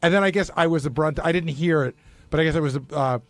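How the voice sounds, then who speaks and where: Producer type, man, quick talker with a raised voice, dead-dry studio mic, narrates scenes playing both sides. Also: on the high side, dry recording. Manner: rapid storytelling, acts out both sides of exchanges. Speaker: radio show producer. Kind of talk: radio studio banter. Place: radio studio. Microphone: studio microphone.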